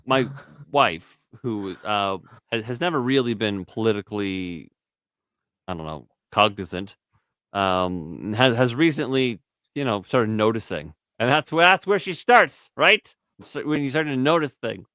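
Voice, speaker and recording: A man's voice: medium pitch, animated, a little slow, pushed and bright, clear, resonant tone, dry recording. A man, hosting a podcast and telling long, rambling, profane stories in casual chat. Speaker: podcast co-host.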